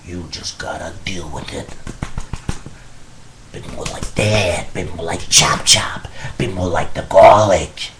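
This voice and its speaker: A man's voice: low-pitched, takes it slowly, background noise. A man voicing a big, greedy, threatening mobster boss who repeats greetings and swears menacingly in an improvised comic monologue on a webcam. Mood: coaxing.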